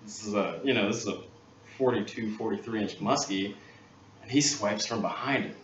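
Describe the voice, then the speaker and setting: Low-voiced man telling a story in a roomy workshop. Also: moderate pace. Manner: animated storyteller, acts out others' lines. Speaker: guest angler. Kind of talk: casual storytelling. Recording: roomy, dull, distant mic, faint hiss.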